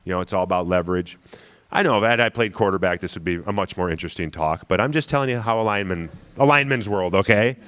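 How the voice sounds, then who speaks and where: Low-voiced man telling stories in a lecture. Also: fast, fairly bright tone, smooth. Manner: conversational, self-deprecating, keeps asking "right?". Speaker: guest lecturer. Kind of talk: storytelling lecture to an audience.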